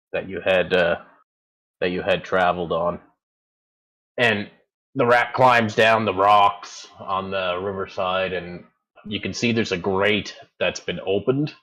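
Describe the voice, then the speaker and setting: A man's voice: deep voice, a bit bright, poor audio. A man narrating as game master in a tabletop game, rambling and searching for words as he describes the scene.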